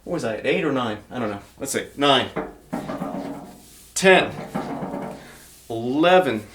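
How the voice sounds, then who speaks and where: A man's voice: mid-range voice, expressive, racing, noisy background. A male fitness trainer demonstrating exercises, encouraging beginners and counting reps aloud while getting out of breath.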